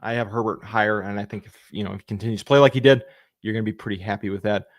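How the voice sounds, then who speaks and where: A young man with a low-pitched voice hosts a casual live Q&A. He reads viewer questions aloud, answers them briskly and thanks people by name. The sound is dry and close, with no room echo. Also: fairly even intonation. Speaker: fantasy football livestream host.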